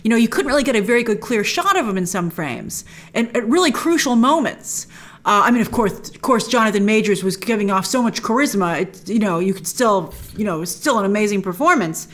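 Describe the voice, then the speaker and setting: A woman's voice: mid-range voice, expressive, a little fast, a bit bright. A woman hosting a TV episode recap, talking with gushing enthusiasm and retelling scenes in a chatty, casual way. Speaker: host.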